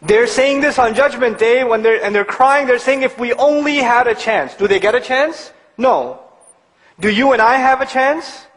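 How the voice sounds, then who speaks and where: A man preaching a sermon in an animated, conversational way, building to emphatic points. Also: very high-pitched, moderate pace, long reverb tail, rough recording.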